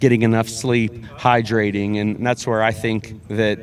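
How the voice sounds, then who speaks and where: In a sports interview, a high school football head coach speaks earnestly, often repeating words and restarting with fillers. He talks a little slowly, and his pitch barely moves.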